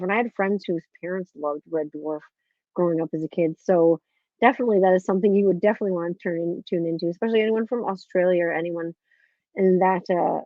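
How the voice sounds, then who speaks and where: A woman's voice: on the low side, no echo. A woman hosting a casual live-stream podcast, telling stories in a chatty way, swearing freely and acting out what people said. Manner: chatty storytelling, swears freely, acts out quotes. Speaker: podcast host. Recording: tinny phone-like dry sound.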